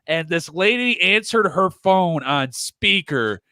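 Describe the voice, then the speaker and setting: A man telling stand-up road stories in a casual podcast chat, brash and profane, sometimes loud and laughing. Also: high-pitched, expressive, slow pace, no room sound. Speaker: touring stand-up comedian, podcast guest.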